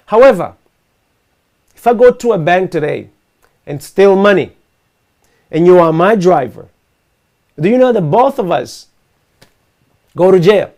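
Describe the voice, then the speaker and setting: A man's voice: sits high, lively intonation, a little slow, long pauses, dark tone. A man hosting a live online talk show, speaking earnestly and emphatically, building his points with rhetorical questions. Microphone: video call setup.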